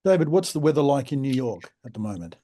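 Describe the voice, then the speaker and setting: Male academic, warm dark tone, hesitant casual chat, video call. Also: mid-range voice, big pitch swings. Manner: hesitant, halting. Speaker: lecturer and event organizer. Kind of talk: casual chat before a lecture.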